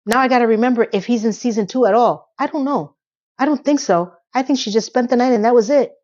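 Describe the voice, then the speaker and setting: A woman giving a casual, chatty recap of a TV episode, with animated delivery and sarcastic asides. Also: on the high side, fast, lo-fi sound. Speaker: TV episode reviewer.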